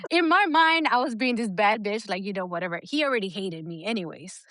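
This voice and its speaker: A woman co-hosting a podcast as an Army veteran, telling a story in a candid, blunt, profane and animated way. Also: medium pitch, fairly quick, no echo, studio quality.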